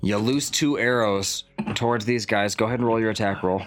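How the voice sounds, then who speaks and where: A man narrating as game master of a tabletop role-playing game, relaxed and descriptive. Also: lowish voice, fairly quick, background noise.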